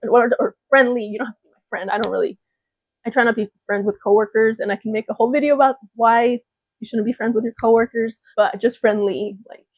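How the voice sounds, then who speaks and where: A woman's voice: on the high side, dry recording. A young woman vlogging in a casual chat to camera, talking freely and laughing often. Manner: chatty, laughs often, mimics gushing voices.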